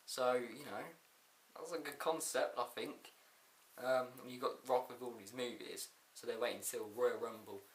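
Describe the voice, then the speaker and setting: A man's voice: medium pitch, steady tone, moderate pace, roomy sound. A man casually reviewing a wrestling show, laughing often and rambling through a recap with quoted lines.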